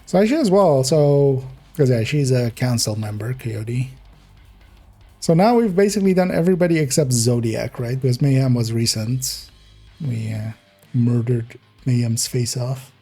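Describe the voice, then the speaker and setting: A man talks casually while he plays, rambling and chuckling as he corrects himself mid-thought. His voice is dark and a little husky. Faint game music plays underneath. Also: medium pitch, lively intonation, moderate pace. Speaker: streamer. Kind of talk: casual gameplay commentary.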